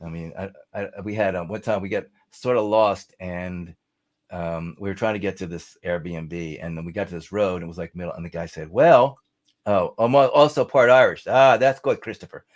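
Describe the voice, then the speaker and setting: A man's voice: low voice, a little fast. A middle-aged man, a songwriter guest, rambling and chatty as he tells stories in a casual interview.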